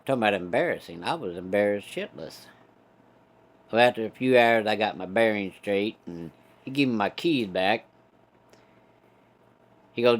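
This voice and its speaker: A man's voice: fairly low pitch, normal speed. A man spins a casual tale. His delivery is folksy and laid-back, with plenty of swearing. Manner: folksy, profane, laid-back drawl of a storyteller. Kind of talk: casual storytelling.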